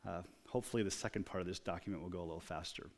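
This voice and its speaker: A man preaching a sermon, moving from quiet, reflective storytelling to loud, emphatic exclamations. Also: low-pitched, very fast. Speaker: pastor.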